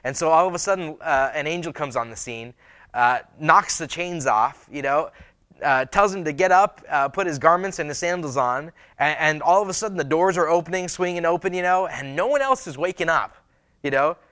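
Pastor, male, sermon delivery; somewhat high voice, dry close sound, reads then retells with fillers. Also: lively intonation, brisk, pushed and bright, no room sound.

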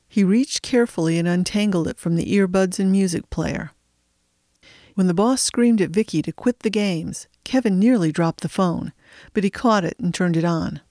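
A woman narrating a story in an even, measured audiobook style. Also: on the low side, dry recording. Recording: dry close recording.

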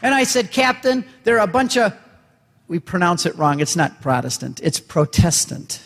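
A man with a high voice gives a dramatic, storytelling talk in a large hall, and he jumps between voices as he acts out each exchange. His words ring out with a long reverb tail behind them. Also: animated, normal speed, a bit bright. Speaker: speaker and convert giving a talk.

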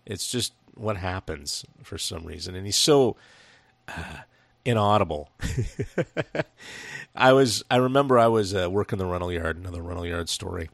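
A man's voice: low-pitched, animated, moderate pace, vocal fry, no room sound. A man from Washington state co-hosting a podcast, telling rambling, profane stories in casual chat about a film. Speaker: podcast co-host.

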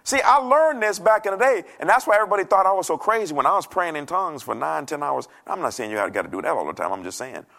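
A middle-aged pastor preaches from a church stage. His voice is gravelly, and his pitch rises and falls a great deal. He talks casually and jokes, acting out the voices of the people he quotes. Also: sing-song, quick pace, few pauses, bright, forceful tone. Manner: conversational, joking, acts out quoted voices. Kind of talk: sermon.

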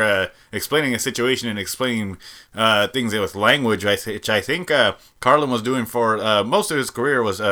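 A man's voice: medium pitch, bright, forceful tone. A man co-hosting a casual podcast chat, blunt and profane, giving strong opinions. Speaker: podcast co-host.

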